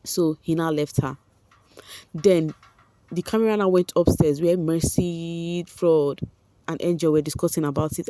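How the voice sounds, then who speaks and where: A woman with a Nigerian accent recapping reality-show events for her viewers in a chatty, animated way, often turning to address them directly. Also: low voice, no room sound. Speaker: vlogger.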